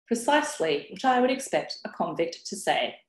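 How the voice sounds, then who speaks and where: A woman's voice: mid-range voice, sing-song, normal speed, lightly acted. A woman reading aloud from her own novel and voicing a hostile elderly village woman who snaps and hisses her accusations. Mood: scornful. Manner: sharp, hissing, snapping accusations. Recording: roomy webinar audio.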